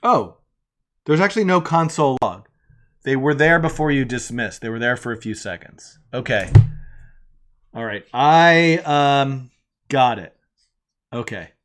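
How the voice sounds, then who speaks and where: A man's voice: mid-range voice, lively intonation, unhurried, long pauses, fairly bright tone. A man hosting a live coding stream, casually thinking aloud and narrating each step as he works from an attic room.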